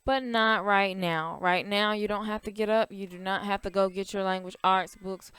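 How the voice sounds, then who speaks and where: Cheerful woman teacher, smooth clear voice. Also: medium pitch, steady tone, fairly bright tone, no room sound. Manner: upbeat, encouraging, explains each step slowly. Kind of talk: recorded online class for young children.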